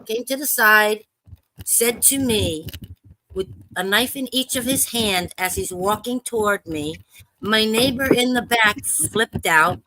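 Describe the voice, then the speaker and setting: A woman with a bright, forceful voice tells her story on a live open panel. Her words come urgently and haltingly, with stumbles, restarts and blunt swearing. The sound is close and dry. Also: fairly high pitch, no room sound, low-quality recording. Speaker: panel caller. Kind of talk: casual live panel discussion.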